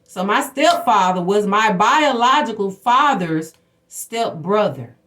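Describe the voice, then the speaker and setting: A woman's voice: medium pitch, animated, slow, fairly bright tone. A woman hosting a spiritual livestream, telling personal stories in a blunt, profane, preachy way. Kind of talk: casual spiritual talk to viewers.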